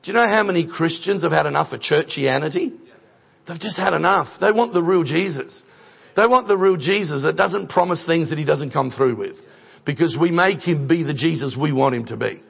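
A man's voice: fairly high pitch, a little fast, vocal fry, slightly rough, highs cut off. A middle-aged man preaching a sermon, telling stories in a conversational way that builds to emphatic points. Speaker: guest preacher. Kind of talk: sermon with storytelling.

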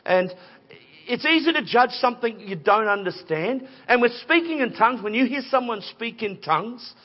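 A man preaching a sermon in a conversational, animated storytelling way with playful voices. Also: high voice, normal speed. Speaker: pastor. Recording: dull lo-fi recording.

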